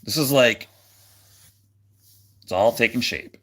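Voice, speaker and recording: A man's voice: medium pitch, takes it slowly, a bit bright. A man hosting a casual livestream, rambling with lots of fillers and restarts and a jokey, goofy manner. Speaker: livestream host.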